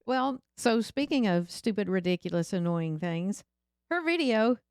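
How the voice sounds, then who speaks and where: A woman's voice: mid-range voice, animated, measured pace, darkish tone, clean tone, no room sound, clean studio sound. A woman co-hosting a casual commentary chat, chiming in with short remarks. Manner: brief interjections, often laughing along. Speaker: co-host.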